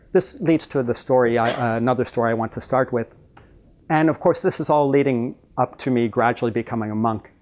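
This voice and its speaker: A man, a monk, telling a personal story in a reflective, unhurried way with pauses. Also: medium pitch. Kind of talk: storytelling talk.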